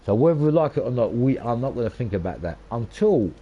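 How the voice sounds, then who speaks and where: A man's voice: mid-range voice, very animated, fast talker, warm tone, breathy edge, lo-fi sound. Swearing man ranting over gameplay. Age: 40s. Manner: swears a lot, rants emphatically with repeated phrases. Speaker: gaming channel host. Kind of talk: casual rambling commentary over gameplay.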